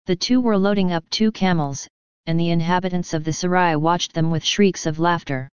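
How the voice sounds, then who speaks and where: A woman reading an audiobook in steady, measured scripted narration. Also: lowish voice, smooth, no room sound. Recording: dull, dry, lo-fi audio.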